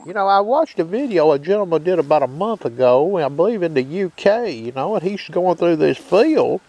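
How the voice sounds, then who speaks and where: A man's voice: fairly high pitch, lively intonation, normal speed, a little hiss or hum, poor audio. A man hosts a metal detecting video, demonstrating his detector in a folksy way and checking in with viewers as he goes. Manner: folksy, keeps checking in with listeners. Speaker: metal detecting channel host. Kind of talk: hands-on demonstration. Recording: loud detector tones behind the voice.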